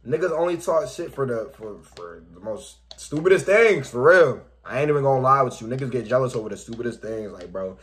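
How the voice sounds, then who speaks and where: A man's voice: mid-range voice, expressive, a little fast, few pauses, a bit bright. A man hosting a music reaction video, chatting casually, calling everyone "man" and "bro" and rapping along with the track. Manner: laid-back, says "man" and "bro" constantly, raps along with the track. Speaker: reaction channel host.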